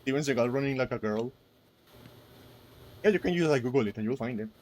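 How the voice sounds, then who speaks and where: A young man in his twenties chatting on a podcast, mid-pitched and loose. He rambles through stories, stacks up fillers and keeps breaking into giggles. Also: expressive, a little fast, darkish tone. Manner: rambling, giggly, heavy use of "like". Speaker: podcast co-host. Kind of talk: casual chat.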